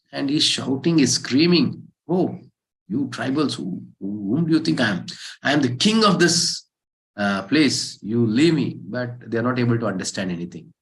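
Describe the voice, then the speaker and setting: A man teaching a scripture class, telling a parable with lively rhetorical questions. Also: mid-range voice, poor audio. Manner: animated storytelling, rhetorical questions. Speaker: spiritual teacher.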